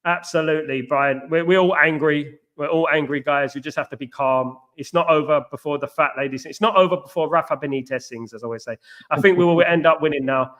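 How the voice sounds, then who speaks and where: Answering viewers during a live football watchalong, the host sounds exasperated yet casual. His voice is on the high side, a bit bright, and brisk.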